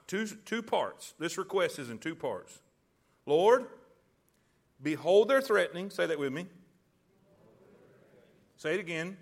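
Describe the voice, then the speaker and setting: Man, pastor preaching, high-pitched, call-and-response. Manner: call-and-response preaching, rising to loud emphasis. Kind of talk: sermon.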